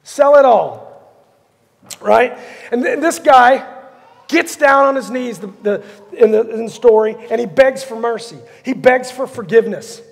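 A man's voice: very high-pitched, unhurried, vocal fry, big-room sound. A man preaching a sermon as pastor, telling a story animatedly and acting out the characters. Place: church sanctuary.

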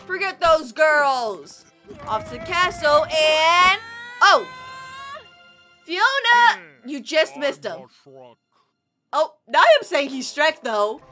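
Excitable high-voiced young woman reacting. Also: takes it slowly, pauses often. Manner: excitable, exclaims and laughs often. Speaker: reaction video host. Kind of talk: casual reaction commentary. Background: video soundtrack music playing.

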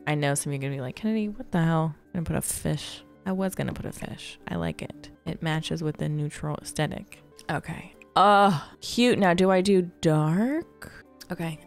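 A young woman talks through her game build in a chatty, playful way, musing aloud to her viewers. Her voice sits on the lower side for a woman, recorded close on a desk mic with light music playing underneath. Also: creaky. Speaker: Sims building creator. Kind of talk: casual gameplay commentary.

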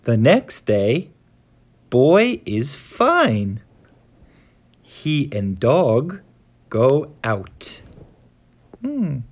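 Very slow, expressive man reading a story. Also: medium pitch, a little hiss or hum. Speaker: host of an English learning channel. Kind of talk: storybook reading for English learners.

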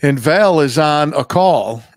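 Male podcast host, rowdy and talkative, slightly higher voice, dry recording. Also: takes it slowly, dry recording. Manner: loud, animated storyteller, swears freely. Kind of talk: casual chat.

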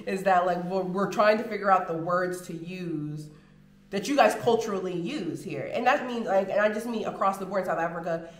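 An American woman vlogging in casual chat to the camera, animated and full of drawn-out filler words. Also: fairly low pitch. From United States. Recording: roomy home room echo.

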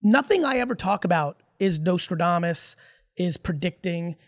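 Gravelly-voiced man ranting emphatically. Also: high-pitched, lively intonation. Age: 40s. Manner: emphatic, profane, rapid-fire storytelling. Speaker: podcast guest. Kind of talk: casual podcast conversation.

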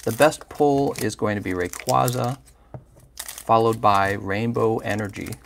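A man's voice: fairly low pitch, measured pace, gravelly, slight background noise. A man hosting a livestream, chatting casually and playfully while opening trading card packs and teasing viewers by name.

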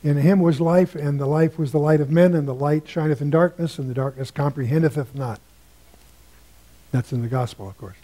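An older man leads a Bible study lecture, wandering into asides. His voice sits a bit high but sounds mellow and warm. He lifts his tone when he quotes scripture. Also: fairly quick. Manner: musing, digressive, quotes scripture in a lifted voice. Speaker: Bible teacher.

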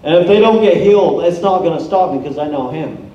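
A man's voice: a little high, fairly quick. A man preaching a sermon, telling personal stories with energy and acting out the people in them. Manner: energetic, storytelling, acts out quoted people. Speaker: guest preacher. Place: church hall. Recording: echoey hall, from far off, dull sound.

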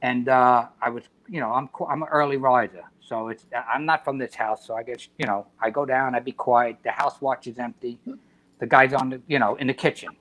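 Profane, animated New storyteller. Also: male voice, mid-range voice, brisk. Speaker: podcast guest, retired fire chief. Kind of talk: casual podcast chat.

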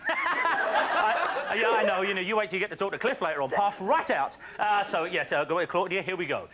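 A man presenting a phone-in quiz on a studio show, chatty and jokey with quick patter and frequent laughs. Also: high voice, sing-song. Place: TV studio with live audience. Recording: faint audience and studio noise.

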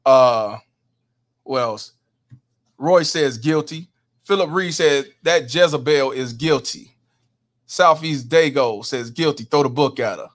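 A man's voice: medium pitch, slow pace, long pauses, fairly bright tone. A man hosting a casual livestream, reading viewer comments aloud and emphatically agreeing with them. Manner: emphatic, repeats "hundred percent", reads chat names. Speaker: livestream host.

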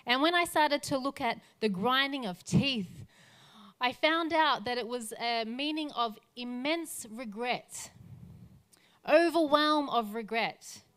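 Smooth, earnest woman pastor preaching. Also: high voice, animated, takes it slowly, fairly bright tone. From Australia. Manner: earnest, building lists toward a rousing close. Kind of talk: sermon.

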